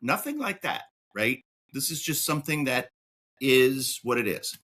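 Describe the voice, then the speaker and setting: A man hosting a podcast in casual chat, talking excitably and swinging his pitch up and down. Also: a little slow. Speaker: podcast host.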